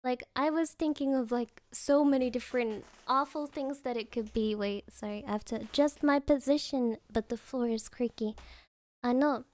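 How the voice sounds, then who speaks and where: A young woman streamer at home, telling a story in casual chat, excitable and laughing often, with lots of fillers. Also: fairly high pitch, moderate pace, no room sound. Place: at home, creaky floor.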